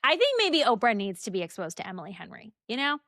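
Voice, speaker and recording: A woman co-hosting a book podcast in casual chat, talking in a chatty, animated way full of rambling asides. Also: fairly high pitch, fast talker, no echo, studio quality. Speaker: podcast co-host.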